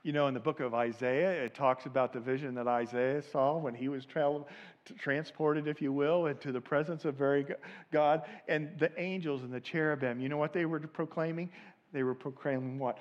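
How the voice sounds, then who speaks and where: A man preaching a sermon in a church sanctuary, his voice sitting a little high. He drops into quiet, low asides, then builds to loud, shouted peaks. He leads the congregation in call and response. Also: steady tone, brisk, lo-fi sound. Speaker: pastor.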